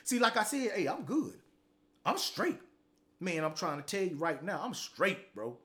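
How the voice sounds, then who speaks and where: A middle-aged man holds forth in an unscripted motivational monologue as a talk show host. His voice sits high for a man, and he talks in a blunt, profane, preachy way, dropping "man" after nearly every phrase. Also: very animated, unhurried, sharp tone.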